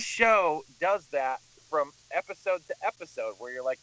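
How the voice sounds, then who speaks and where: Podcast dude, bright voice, kinda muffled lo-fi sound. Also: male voice, a little high, expressive, moderate pace, hardly any pauses. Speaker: podcast co-host. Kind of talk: casual chat.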